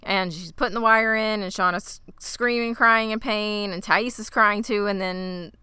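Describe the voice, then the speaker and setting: A woman co-hosting a podcast, retelling a TV episode in a casual, animated way. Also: mid-range voice, smooth, dry recording, studio quality. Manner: animated, quick retelling with quoted lines. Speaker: podcast co-host recapping a TV episode. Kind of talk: casual recap chat.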